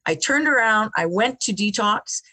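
A woman guest telling her life story in an interview, animated, often repeating words and laughing between phrases. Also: medium pitch, moderate pace. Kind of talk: personal storytelling in conversation.

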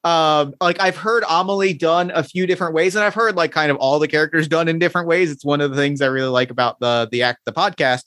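A man hosting a tabletop game podcast, reading narration and chatting in a gushing, excitable way that trips over words. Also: on the high side, fast, few pauses, no echo, studio quality. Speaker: game master and podcast host. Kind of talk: scripted narration and casual chat.

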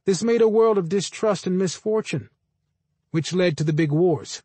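A man's voice: sits high, unhurried, a little mellow, dry recording, voice pushed up. A man voicing a bored, condescending middle-aged male teacher lecturing his class in an audiobook. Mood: bored scorn.

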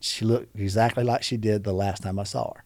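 A man's voice: fairly low pitch, steady tone, brisk, darkish tone, no echo. A man guest on a podcast, telling an emotional personal story in an earnest way and acting out the voices of the people he quotes.

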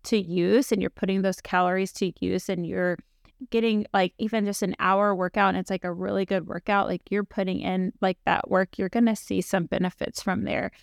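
A woman's voice: mid-range voice, little pitch movement, moderate pace, gravelly, no echo, clean studio sound. A woman in her forties, a fitness coach hosting a podcast, talking casually and rambling with many fillers.

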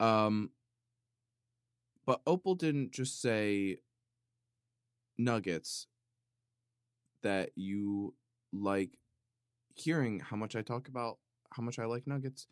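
A man reading viewer comments in a casual comedic monologue, playfully indignant, swinging from loud outbursts to low muttering. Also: dry recording, clean studio sound. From Italian heritage.

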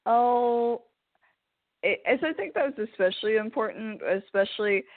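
A woman in casual chat, lively, chiming in and laughing along. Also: medium pitch, brisk, no room sound. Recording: dry, tinny phone-like sound.

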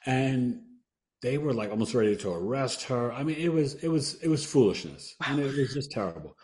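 A man's voice: medium pitch, expressive, brisk, darkish tone. A man who is a podcast guest, telling a personal story earnestly and acting out what people said. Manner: earnest, acts out quoted dialogue, trails off and restarts.

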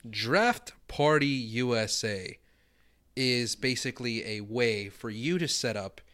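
A man's voice: mid-range voice, expressive, takes it slowly, fairly bright tone. A man hosting a fantasy football podcast with an easy, upbeat manner. His voice sits in a middle range. He laughs often and keeps things light. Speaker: podcast co-host. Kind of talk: casual podcast chat.

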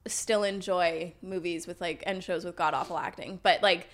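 A young woman co-hosting a podcast, chatting in a relaxed way and laughing easily. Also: on the low side, normal speed. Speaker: podcast co-host. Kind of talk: casual chat.

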